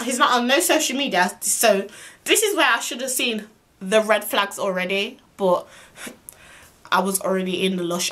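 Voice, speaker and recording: A young woman tells a personal story to the camera. She talks in a chatty, animated way at a middle pitch and swears freely, like a casual vlog storytime. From Birmingham, England. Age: young adult. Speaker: vlogger.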